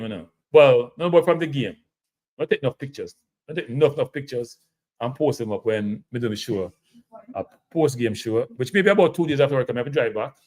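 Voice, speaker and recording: A man's voice: mid-range voice, darkish tone. A man with a Jamaican accent hosting a casual football analysis show, repeating points emphatically and calling his viewers "people". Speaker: host of a live football show.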